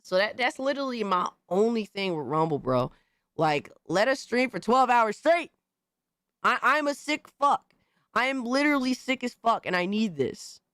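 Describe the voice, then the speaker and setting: His voice is very high-pitched and hoarse, worn down from a recent illness, and he sounds young as he chats casually on a live stream at a moderate pace. He gets excited in bursts, swears freely, and gives repeated shout-outs, recorded close and dry without echo.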